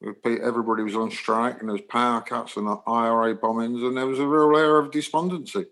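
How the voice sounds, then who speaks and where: Older English musician guest, chatty storyteller with animated delivery. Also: male voice, medium pitch, fast talker, poor audio. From England. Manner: animated anecdotes, acts out dialogue. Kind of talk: storytelling interview.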